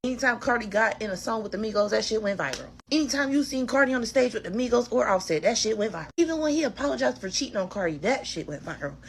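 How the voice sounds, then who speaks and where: Fast, emphatic woman ranting. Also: a little high, lively intonation, a little hiss or hum. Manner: emphatic, repetitive. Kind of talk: casual commentary video.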